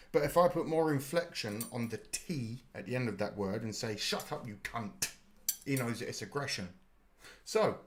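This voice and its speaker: A British man hosts a live watch-party stream in a loose, chatty way. He explains slang to his viewers and drops swear words freely. His voice sits at an ordinary middle pitch. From United Kingdom. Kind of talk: casual live reaction chat.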